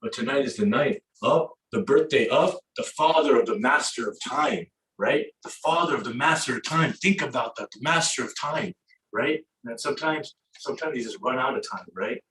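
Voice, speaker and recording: A man giving a conversational religious lecture, often asking "right?" and telling stories with lively energy. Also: medium pitch, normal speed. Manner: conversational, keeps asking "right?", retells a game excitedly. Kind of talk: animated religious lecture with storytelling. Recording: echoey hall, mic at a distance.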